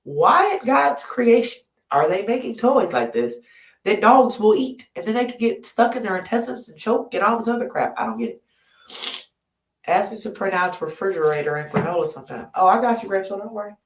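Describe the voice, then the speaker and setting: A woman hosts a late-night livestream from home in a mid-range voice with big pitch swings, talking a little fast. Her casual chat wanders as she laughs and turns drowsy, picked up by a laptop or phone mic in an echoey room.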